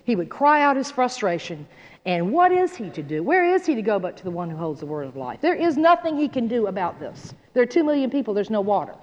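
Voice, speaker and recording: Lively woman teaching scripture. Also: mid-range voice, fast talker. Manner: animated, folksy, asks listeners "okay?". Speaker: Bible teacher. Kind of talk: Bible study teaching. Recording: dull sound in a reverberant hall.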